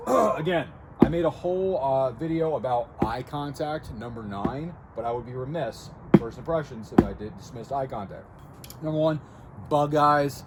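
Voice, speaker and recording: In a casual talk to camera, a man with a medium-pitched voice hosts a self-improvement video, coaching in a blunt, direct style and frequently tossing in "okay?" and "right?". Background noise and clear music sit behind him.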